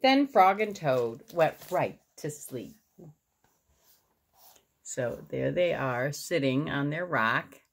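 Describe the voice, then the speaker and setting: A woman reading a picture book aloud to her boy, pausing to point out the pictures. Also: low-pitched, lively intonation, gravelly. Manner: warm, explaining the pictures. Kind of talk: storybook read-aloud.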